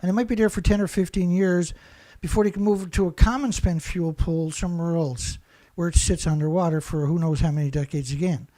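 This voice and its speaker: A man's voice: fairly high pitch, fairly even intonation, a little fast, hardly any pauses, mellow. A man hosting a show and delivering an angry, insult-heavy monologue, repeating himself as he rants. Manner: ranting, insulting, repetitive. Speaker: show host.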